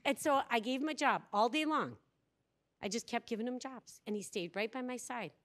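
A woman with a fairly high voice gives a workshop talk at a conference. She tells stories with energy and acts out the dialogue of the people in them for the audience. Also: moderate pace. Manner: animated storyteller, acts out quoted dialogue. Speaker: workshop speaker. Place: conference room before an audience.

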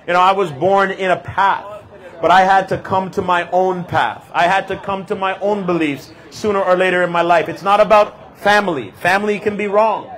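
Street preacher, male, high-pitched, fervent and rhythmic, handheld mic outdoors. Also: fairly even intonation, moderate pace, a bit bright, low-quality recording. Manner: impassioned, repetitive, rhythmic emphasis. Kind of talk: open-air street preaching. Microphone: handheld microphone.

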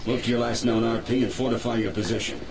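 A man's voice: mid-range voice, little pitch movement, fast talker, noisy background. An actor playing a stern male military sergeant giving clipped orders over the radio. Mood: commanding.

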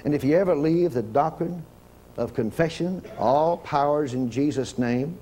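An older man preaching a sermon fervently, in surges and loud commands, with folksy grammar. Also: fairly high pitch, normal speed.

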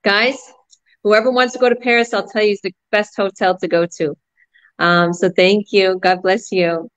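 Bubbly, excitable woman hosting a live chat. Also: mid-range voice, normal speed, dull audio. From Canada. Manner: bubbly, excited, laughs often. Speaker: host.

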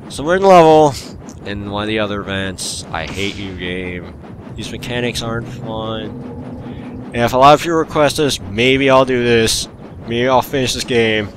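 A man ranting through an uncut gameplay session, sounding endlessly exasperated with the game. His delivery is slow and unhurried, with a faint noise sitting under the voice. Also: lowish voice, a bit bright. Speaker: gaming channel host.

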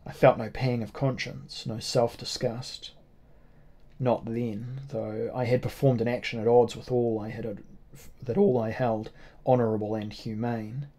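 A man reading a first-person novel aloud as an audiobook, at a measured, grave pace. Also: mid-range voice, little pitch movement, warm tone. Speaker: audiobook narrator.

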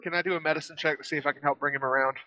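A man joins a tabletop game as a player, asking his questions in a plain, matter-of-fact way. His voice is bright and a touch high, with small hesitations. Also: fairly even intonation, racing, a little hiss or hum. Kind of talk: casual tabletop chat.

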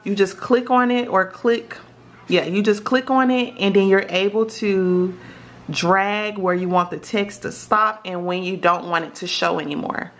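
A woman's voice: mid-range voice, steady tone, a little slow, a bit bright. A woman casually explaining steps in an app tutorial, often checking in with her viewers. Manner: chatty, checks in with viewers with "okay?". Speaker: tutorial vlogger.

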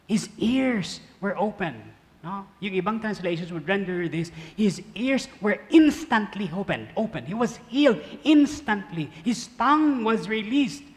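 A man delivers a sermon in a high voice, swinging from loud emphasis to hushed asides. He reads scripture slowly and deliberately, drawing out the words with the congregation. His voice rings with a long reverb, as if he is preaching in a church hall. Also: expressive. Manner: slow, drawn-out scripture reading with the congregation. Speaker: pastor.

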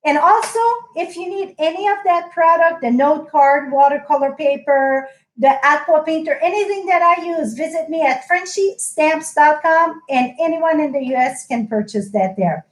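A high-pitched woman chats on a live craft stream, gushing over her work in loose, friendly phrasing. Her voice rings off the walls of an echoey room at home. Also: moderate pace. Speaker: stamping craft host.

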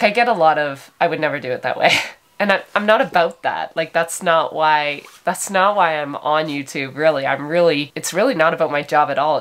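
A tired woman, a sheep farmer, chatting emotionally in a casual vlog as she reads out viewer comments. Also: sits low. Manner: emotional, warm and chatty with frequent laughs.

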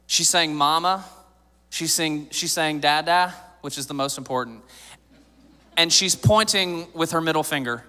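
In a church sanctuary, a pastor in his thirties preaches a sermon in a bright, forceful, somewhat high voice at a measured pace. He jokes and talks conversationally, then builds to emphatic points, his voice carrying through the large hall.

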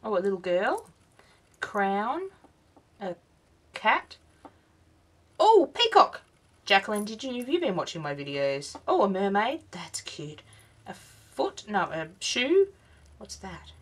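A woman's voice: medium pitch, big pitch swings, a little slow, breathy edge. A woman, tired and yawning, chatting through a craft unboxing vlog and exclaiming over each little item. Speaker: craft vlogger.

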